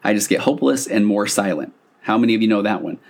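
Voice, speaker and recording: A man's voice: fairly low pitch, expressive, fast, gravelly. A man who works as a couples therapist, explaining a therapy concept to listeners in a loose conversational way, with fillers and restarts.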